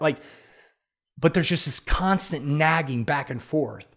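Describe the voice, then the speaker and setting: Motivational man, animated storyteller. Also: on the high side, a little slow. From Kansas City area, United States. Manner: animated storytelling, acting out inner voices. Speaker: podcast host. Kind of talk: motivational monologue.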